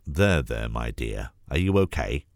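A man's voice: lively intonation, unhurried, no room sound, clean studio sound. A man with a cold voicing a kindly, motherly grandmother who soothes and scolds. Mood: soothing. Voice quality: cold-roughened deep voice. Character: kindly fussing old grandmother.

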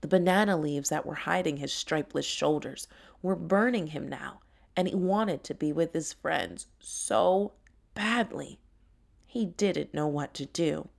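A woman narrating a children's story in a gentle, unhurried way. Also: low-pitched, gravelly.

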